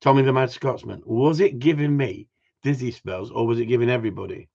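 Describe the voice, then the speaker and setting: A man's voice: medium pitch, fairly quick, vocal fry, a little mellow. A man hosting a casual livestream, bantering with his viewers and laughing a lot. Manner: joking, banters with chat, frequent laughs. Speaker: livestream host. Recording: dull lo-fi stream audio.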